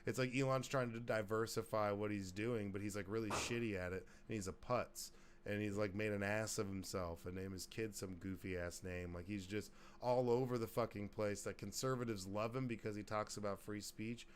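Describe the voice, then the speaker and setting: A man's voice: lowish voice, steady tone, normal speed, a little hiss or hum. A man hosting a podcast in casual chat, rambling, joking and swearing freely. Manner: profane, rambling, jokey. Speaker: podcast host.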